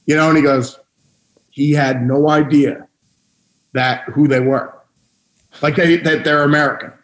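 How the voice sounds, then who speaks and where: A man's voice: a little high, a little slow, echoey room, rough recording. A man, a guest musician, telling stories in a casual interview with lots of laughter. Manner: laughing storyteller, animated.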